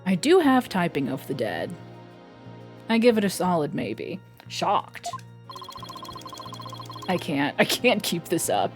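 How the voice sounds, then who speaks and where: A woman's voice: on the low side, wildly swooping pitch, moderate pace, faint music behind. A woman streamer giving casual game commentary with wry, self-mocking asides.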